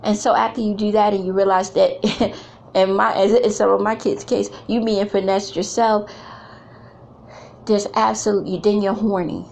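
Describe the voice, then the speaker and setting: Blunt woman with a gravelly voice. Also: mid-range voice, little pitch movement, normal speed, a little mellow. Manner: blunt, emphatic, repeats phrases for effect. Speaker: speaker addressing women. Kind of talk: candid motivational talk.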